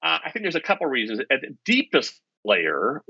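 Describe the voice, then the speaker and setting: A middle-aged man, a professor and podcast guest, telling stories in an animated, self-deprecating way. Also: mid-range voice, a little fast, creaky, husky, no echo. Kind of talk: storytelling in conversation. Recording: dull lo-fi podcast audio.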